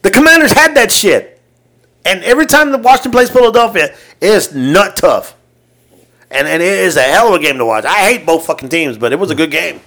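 Casting: animated male podcast co-host, profane and excitable, lively pitch swings. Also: a little fast. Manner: profane, excitable, laughs often. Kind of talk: casual sports chat.

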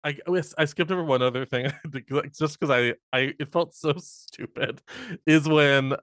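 A man's voice: fairly high pitch, steady tone, normal speed, fairly bright tone, dry recording, clean studio sound. A young man co-hosting a chatty podcast, playful and campy, laughing often and acting out lines. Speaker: podcast co-host. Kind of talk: casual chat.

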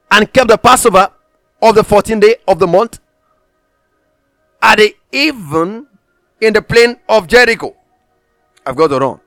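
A man's voice: sits high, fairly bright tone, no echo, studio quality. A man preaching a sermon, emphatic, repeating phrases for stress and reading scripture aloud in old-fashioned wording.

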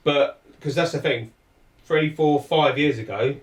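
A man's voice: fairly high pitch, measured pace, far from the mic. Podcast host, male, earnest and rambling, slightly raised voice, echoey room off-mic. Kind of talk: casual chat.

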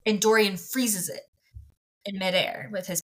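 A woman co-hosting a book podcast, retelling the plot in an animated, slangy, expressive way. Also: mid-range voice, unhurried. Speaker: podcast co-host. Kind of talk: casual book-club chat.

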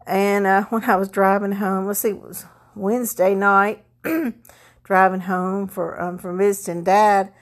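A woman talks casually to her viewers as a vlogger. She rambles from one thing to the next, filling gaps with ums and starting sentences over. Her voice sits at an ordinary middle pitch. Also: flat delivery, measured pace. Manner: rambling, chatty, many fillers and restarts. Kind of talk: casual chat.

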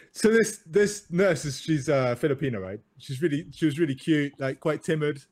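A man's voice: on the high side, moderate pace. A man who is a doctor, chatting on a podcast and telling an anecdote with laughter. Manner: animated, laughing storyteller. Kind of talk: casual chat, anecdotal storytelling.

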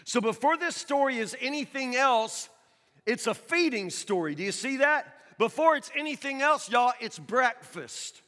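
High-voiced preacher in an echoing hall. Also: male voice, expressive, moderate pace, bright, forceful tone. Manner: conversational, questioning, emphatic repetition. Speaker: pastor. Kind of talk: sermon. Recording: long reverb of a large hall.

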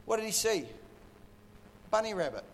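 A man's voice: sits high, big pitch swings, normal speed, in a large hall, slight background noise. A man preaching, telling a story playfully with lots of sound effects. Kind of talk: animated sermon storytelling.

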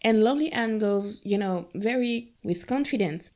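A woman's voice: mid-range voice, a little slow, few pauses, darkish tone. A young adult woman from Guadeloupe, talking reflectively and casually about a film with playful asides. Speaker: film discussion host.

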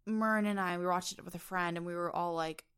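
A woman's voice: lowish voice, steady tone, fairly quick, fairly bright tone, clean tone. A woman co-hosting a casual film review podcast, animatedly retelling scenes in detail. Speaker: podcast co-host.

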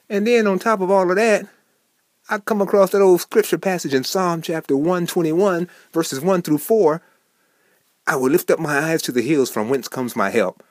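Animated preaching man, dry close sound. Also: a little high, moderate pace, no echo. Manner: animated, swings from soft to emphatic, acts out quoted people. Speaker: host of a short devotional program. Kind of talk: preaching devotional talk.

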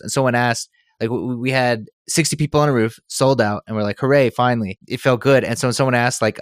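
A man's voice: medium pitch, no room sound, clean studio sound. A man co-hosting a podcast, chatting casually as he tells a story about putting on concerts. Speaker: podcast co-host, concert organizer. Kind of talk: casual interview talk.

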